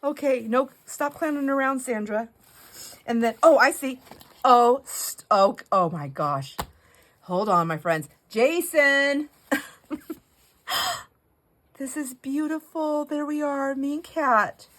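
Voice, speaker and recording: Excitable middle-aged woman vlogger, casual rambling chat, squeaky gushing peaks. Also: slow, long pauses, poor audio. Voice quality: goes squeaky when excited. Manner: gushing, rambling with self-corrections. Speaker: craft vlogger. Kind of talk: casual chat while opening mail.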